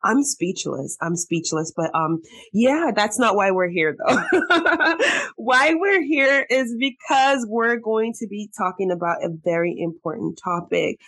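A woman hosting a podcast, chatting casually with a guest, bubbly and quick to laugh, sometimes getting emotional. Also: fairly high pitch, lively intonation, a bit bright. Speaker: podcast host. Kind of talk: casual interview chat.

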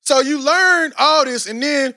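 Very high-voiced and speaking at a measured pace, this podcast co-host from Texas, USA, rambles through casual, animated chat full of slang. "You know what I'm saying" shows up often. The studio-quality audio has no echo.

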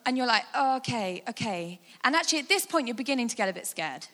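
A woman speaker giving a guided imagination talk, animated and conversational with frequent fillers. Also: on the high side, rapid-fire. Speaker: church speaker. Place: large hall with a sound desk. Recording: long hall reverb.

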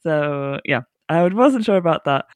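A woman's voice: sits low, expressive, measured pace, no room sound. A woman co-hosting a podcast in casual chat, laughing often and restarting her sentences. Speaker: podcast co-host. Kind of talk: casual chat reviewing a TV episode.

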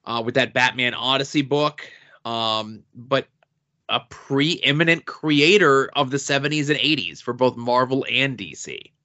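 Podcast host dude, crisp bright voice, dry jokey, lo-fi skype-ish sound. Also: male voice, mid-range voice. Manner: wry, joking, halting restarts. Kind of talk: casual chat. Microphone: remote call recording.

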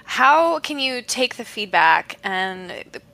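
Bright, gravelly woman co-host. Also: fairly high pitch, sing-song, takes it slowly, poor audio. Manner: questioning, conversational, hedges with fillers. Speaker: podcast co-host. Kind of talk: podcast interview.

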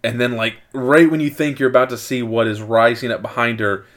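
A man hosting a casual podcast, talking in a rambling, excitable way and often correcting himself mid-sentence. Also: mid-range voice, fairly quick. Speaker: podcast host.

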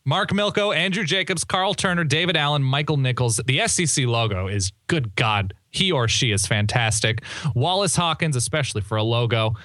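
A young man co-hosts a sports podcast in a loose, joking chat, rambling and correcting himself as he goes. His voice sits at a middling pitch and is recorded close and dry, with no room sound. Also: animated, moderate pace, bright, forceful tone, no echo. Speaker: podcast co-host. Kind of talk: casual chat.

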